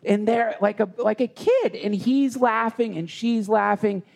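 High, gravelly-voiced man telling a story. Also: lively intonation. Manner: rambling, halting with restarts. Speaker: podcast guest. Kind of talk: emotional personal storytelling. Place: live retreat session.

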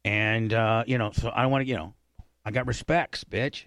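A man's voice: fairly low pitch, fairly even intonation, moderate pace, a bit bright, no echo. A man hosting a radio show, rambling in crude, profane comic banter. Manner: profane, rambling, mimics others.

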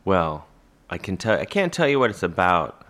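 A man's voice: sits low, big pitch swings, normal speed, fairly bright tone. A man from Cleveland, an actor, chatting casually on a podcast in a rambling, self-deprecating way. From Cleveland, Ohio. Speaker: actor and guest.

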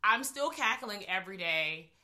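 A woman casually chatting as a podcast co-host about a movie, animated and profane, acting out characters in quick asides. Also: mid-range voice. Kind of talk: casual chat reviewing a movie.

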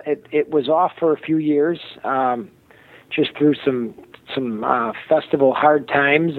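A man with a Chicago accent, a festival producer being interviewed, speaking haltingly with many fillers and restarts. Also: a little high, no echo. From Chicago, USA. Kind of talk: phone-in interview. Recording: tinny phone line.

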